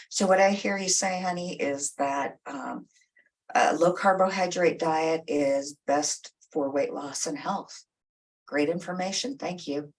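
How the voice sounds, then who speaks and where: Lively, husky-voiced woman therapist. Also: low-pitched. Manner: direct, coaching. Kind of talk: advice talk. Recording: voice a bit far from the mic.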